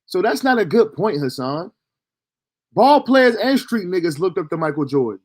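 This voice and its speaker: A man's voice: high-pitched, big pitch swings, moderate pace. A man hosting a reaction video, giving laid-back, slangy commentary between clips.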